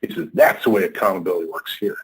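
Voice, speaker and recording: Husky low-voiced man telling a story. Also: fast, poor audio. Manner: animated storyteller, acts out quoted people. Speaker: guest, company leader. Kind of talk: storytelling in a podcast interview.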